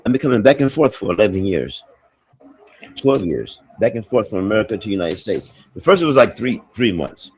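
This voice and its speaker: A man's voice: fairly low pitch, sing-song, fairly quick, a little hiss or hum, poor audio. A man chatting casually as an expat, blunt and profane, rambling with many restarts. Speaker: expat talking on a livestream call. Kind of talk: casual chat. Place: abroad, with faint outdoor sounds behind.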